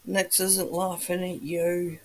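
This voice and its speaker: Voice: medium pitch, little pitch movement, slow pace. A livestream host in a just-woken-up morning voice, chatting casually with viewers and greeting them by name.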